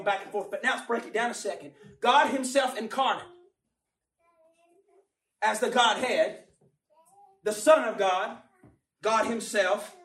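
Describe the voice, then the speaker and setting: A man preaching a sermon with passion, swinging from quiet, low remarks up to emphatic shouts. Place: church hall. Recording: roomy sound from a distant mic.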